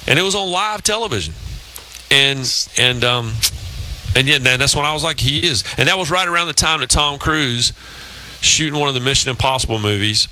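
A man's voice: medium pitch, fairly quick, sharp tone, slight background noise, poor audio. A man in his fifties hosting a sports talk show, telling long rambling anecdotes in casual chat. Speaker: radio show host.

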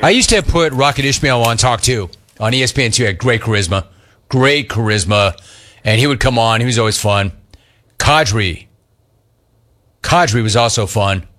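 A man hosting a sports talk radio show, ribbing his co-hosts with emphatic, animated banter and repeated catchphrases. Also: mid-range voice, normal speed. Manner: emphatic, mocking and animated, repeats phrases for effect.

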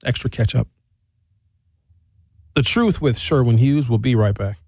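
A man's voice: medium pitch, unhurried, vocal fry, breathy edge, dry recording. A man in his forties hosting a radio talk show, riffing in a comedic monologue and acting out characters in quotes. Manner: animated, acts out characters in quotes. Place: radio studio. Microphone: studio microphone.

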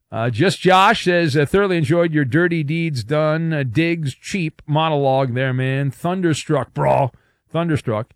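A middle-aged man hosting a call-in radio show, reading listener notes aloud and needling his callers with dry sarcasm. His voice sits on the higher side for a man, and the sound is close and dry. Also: moderate pace, dry recording. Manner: sarcastic, teasing. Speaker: radio talk show host.

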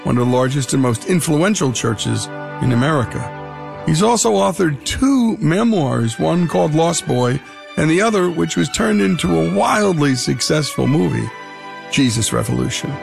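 A man hosting a radio show, reading a smooth scripted introduction for his guest. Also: fairly high pitch, lively intonation, normal speed, over music. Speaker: radio host.

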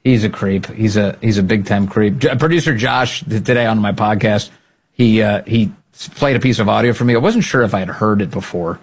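A man hosting a political podcast, talking in a sarcastic, animated way and often laughing at the clips he plays. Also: on the low side, a little fast, breathy edge. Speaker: podcast host. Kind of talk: political commentary.

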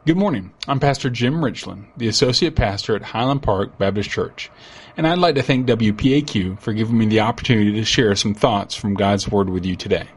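A man's voice: on the low side, husky. Earnest man preaching a radio sermon. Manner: earnest, measured preaching with slow emphatic quotes. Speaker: associate pastor.

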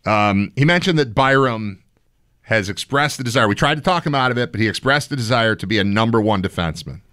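A man co-hosting a sports talk show, arguing his point in a jokey, animated way. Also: mid-range voice, fairly quick, no room sound, clean studio sound. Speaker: podcast co-host.

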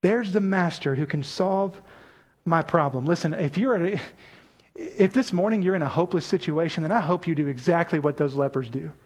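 Man, pastor, sermon, high-pitched voice, animated, engages the congregation. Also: a little fast. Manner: animated preaching, calls on the congregation to respond.

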